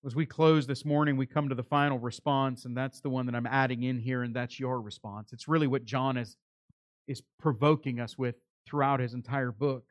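A man's voice: medium pitch, steady tone, brisk, no room sound. A male pastor preaching a sermon, earnest and pleading, building to emphatic calls.

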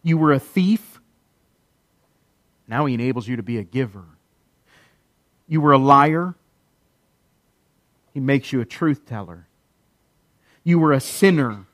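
A man preaching a sermon, emphatic, with repeated phrases and dramatic pauses. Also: medium pitch, animated, fairly bright tone, no echo. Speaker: pastor.

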